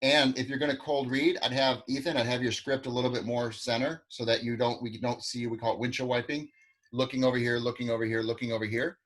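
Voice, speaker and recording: A man's voice: mid-range voice, level tone, fast talker, a bit bright. A man teaching an online acting class over a video call, giving direct, encouraging feedback and practical tips to his students. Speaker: acting coach.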